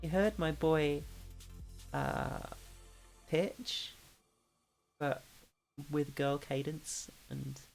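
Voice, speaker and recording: A woman's voice: sits low, slow, gravelly, darkish tone, faint music behind. A woman streaming and chatting casually with viewers, rambling with lots of fillers and restarts. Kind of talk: casual chat with chat readers. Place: home streaming setup.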